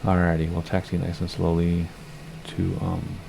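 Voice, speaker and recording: A man streaming a flight simulator, chatting casually and rambling, with a slightly hoarse voice. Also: deep voice, monotone, moderate pace, background noise. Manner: chatty, rambling, self-correcting. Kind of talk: casual gameplay commentary.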